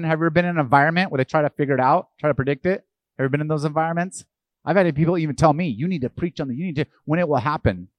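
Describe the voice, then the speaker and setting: Animated man preaching a sermon. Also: fairly high pitch, no room sound. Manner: animated, acts out quoted voices, asks the audience questions. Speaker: pastor.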